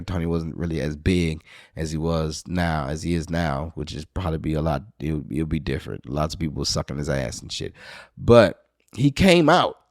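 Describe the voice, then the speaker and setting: A podcast host with a low-pitched voice tells a story in a loose, profane way. He grows animated and loud when he is worked up. The sound is dry and close. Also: no room sound.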